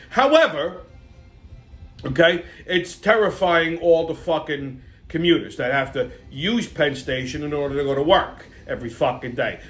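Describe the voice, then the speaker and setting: High-voiced ranting, swearing man. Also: fairly bright tone. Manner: blunt, swearing, ranting, repeating "okay?"; tells a story with confrontational bravado. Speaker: host. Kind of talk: profane rant commentary.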